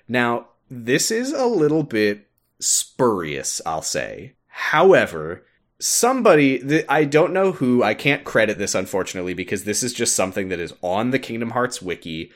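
A man hosting a podcast, recapping a game in an animated storytelling way. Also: mid-range voice. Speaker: podcast host.

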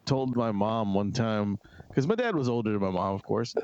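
A man co-hosting a podcast, animated and laughing often, swearing casually. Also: on the low side, moderate pace, muffled recording. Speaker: podcast co-host.

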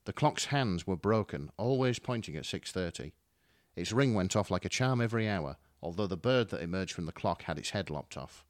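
Man giving a lively story reading. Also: deep voice, moderate pace, no room sound, clean studio sound. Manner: dramatic, wry narration. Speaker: story reader. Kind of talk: expressive fan fiction reading.

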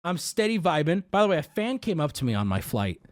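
Animated, high-voiced male streamer. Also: fast. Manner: animated, profane, exaggerated. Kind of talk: casual storytelling to a stream audience.

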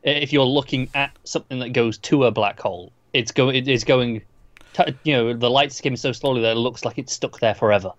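A man talks quickly and thoughtfully about a TV episode, working through ideas as he goes. His voice comes through a dull, lo-fi mic with a dry, close sound. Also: medium pitch, dry recording. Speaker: podcast co-host. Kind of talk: casual TV episode recap chat.

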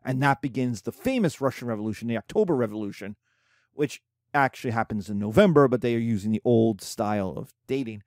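A man teaching a history lesson in a conversational, animated way, often checking in with asides. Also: medium pitch, a little fast, no room sound, studio quality. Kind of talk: casual history lecture.

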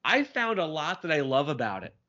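A man co-hosting a cartoon podcast, recapping an episode with enthusiasm and quick quoted lines. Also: a little high, big pitch swings, sharp tone. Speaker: podcast co-host. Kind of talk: casual chat. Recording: dull lo-fi sound.

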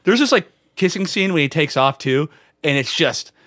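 A man's voice: a little high, expressive, moderate pace, a bit bright, dry recording, studio quality. Crude, joking man co-hosting a podcast. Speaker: podcast co-host. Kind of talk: casual movie review chat.

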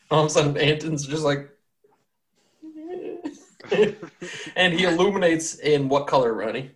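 A man's voice: fairly high pitch, animated, measured pace, pauses often. A man hosting a tabletop game podcast, narrating casually with many fillers and frequent laughter. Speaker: game master and podcast host.

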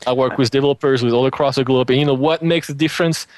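A man's voice: medium pitch, steady tone, fast, a little mellow, no room sound. A man from France with a French accent, a guest chatting casually on an interview show and peppering his talk with "you know". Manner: lots of "you know" fillers, enthusiastic. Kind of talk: casual conversation. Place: home, Alabama.

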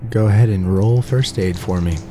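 Mellow-voiced man running a tabletop game. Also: lowish voice, moderate pace, soft background music. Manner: relaxed, laughs easily. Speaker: game master.

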